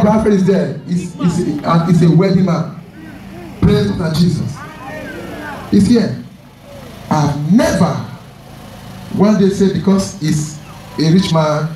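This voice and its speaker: A man's voice: sits high, a little mellow, reverberant, distant mic, rough recording. A man preaching a sermon, telling a story with emphatic repeated phrases.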